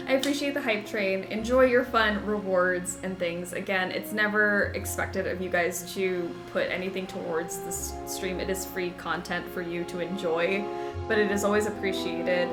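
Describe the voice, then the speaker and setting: A woman's voice: medium pitch, moderate pace, roomy sound, faint music behind. A woman streamer chatting with her live chat while playing a game, bubbly, giggly and emotional.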